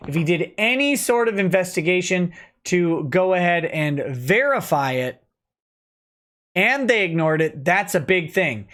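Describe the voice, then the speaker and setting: The speaker is a man in his thirties whose voice is high and a bit bright. While reviewing a legal document on a casual livestream, he pauses to read chat messages aloud and react.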